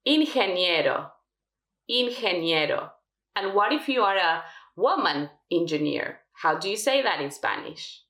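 Female teacher running a lesson drill; animated intonation, roomy sound. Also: fairly low pitch. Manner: slow, careful modelling of words. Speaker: Spanish teacher.

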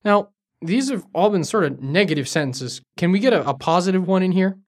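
A man's voice: sits high, lively intonation, fairly quick. Man co-hosting a language lesson. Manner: curious learner asking for examples. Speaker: co-host. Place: studio in Beijing.

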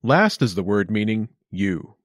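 A man hosting a short language lesson, reading scripted narration with a clear, upbeat instructional delivery. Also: on the low side, sing-song, a little slow, no echo, studio quality.

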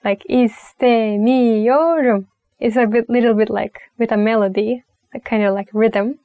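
A young woman with a Turkish accent teaching a language lesson, talking slowly and patiently, repeating phrases with many fillers. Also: medium pitch, flat delivery, warm tone, no echo. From Turkey. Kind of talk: relaxed spoken language lesson.

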